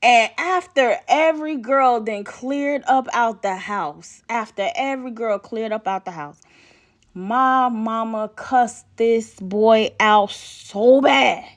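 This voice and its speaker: Female podcast host, fairly high voice, unhurried animated storytelling with laughs. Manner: animated, laughing, checks in with the listener. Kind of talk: personal storytelling.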